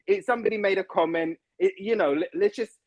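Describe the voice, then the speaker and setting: A man chats as a podcast guest in a slangy, animated way. His voice sits fairly high, and the sound is dry and close, with no room echo. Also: quick pace. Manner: slangy and animated, repeating words. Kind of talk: casual chat over a video call.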